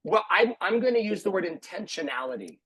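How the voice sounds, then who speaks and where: Earnest husky man on a video call. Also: high-pitched, big pitch swings, brisk, a bit bright, no room sound, low-quality recording. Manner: earnest, reflective, repeats phrases for emphasis. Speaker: martial arts school owner. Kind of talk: video call panel talk.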